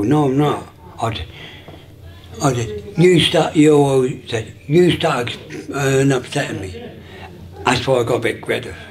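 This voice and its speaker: A man in his sixties tells his life story in a casual, halting way, with many restarts and fillers, and acts out remembered dialogue. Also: mid-range voice, darkish tone. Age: 60s.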